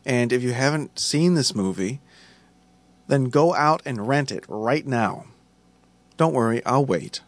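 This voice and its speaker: A man's voice: mid-range voice, lively intonation, measured pace, pauses often, no echo. A man hosting a podcast lesson on writing fiction, reading a story passage aloud and explaining it in a conversational, playful way.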